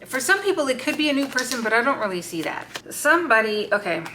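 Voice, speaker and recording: A woman's voice: on the high side, very animated, fast talker, sharp tone, a little hiss or hum. A woman giving a casual, unscripted tarot reading, blunt and swearing freely as she talks to the cards aloud. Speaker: tarot card reader.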